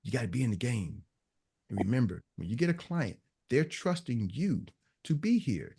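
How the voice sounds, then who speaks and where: A man's voice: mid-range voice, sing-song, normal speed, gravelly, dark tone, husky. A man giving a business coach's motivational talk to a live online audience, emphatic and preachy, hammering his points home through repetition. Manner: emphatic, preachy, repeats punchlines.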